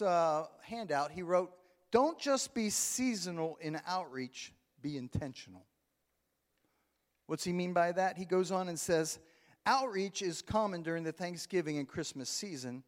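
A middle-aged male pastor preaching a sermon, calling out to the congregation with rising emphasis and amens. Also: on the high side. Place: church sanctuary. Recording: long hall reverb.

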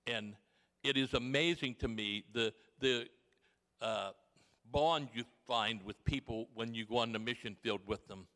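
An older man giving a folksy mission testimony to a congregation, telling stories with gentle humour. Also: mid-range voice, measured pace. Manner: homely storytelling with gentle humour. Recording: long reverb of a large hall.

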